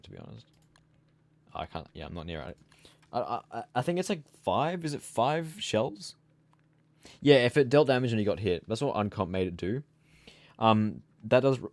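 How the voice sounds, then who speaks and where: A man's voice: on the low side, a little mellow, no echo. A sleepy young man streaming a game, chatting casually and rambling as he trails off into mumbles. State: sleepy, yawning. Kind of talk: casual gameplay chat.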